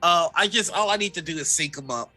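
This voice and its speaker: An American player chatting casually during a tabletop game, giggly and animated. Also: medium pitch, quick pace, soft background music.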